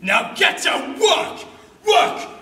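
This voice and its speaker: A man's voice: very high-pitched, big pitch swings, slow, bright, forceful tone, a little hiss or hum, full character voice. A young man playing a bossy, blustering colonial governor in a solo school drama performance. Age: young adult. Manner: barking, domineering. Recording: echoey room, far camera.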